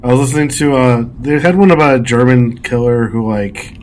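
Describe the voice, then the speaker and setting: A man co-hosting a podcast in casual chat, speaking haltingly and searching for words. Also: mid-range voice, darkish tone, a little hiss or hum, low-quality recording. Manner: halting, many fillers and restarts. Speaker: podcast co-host.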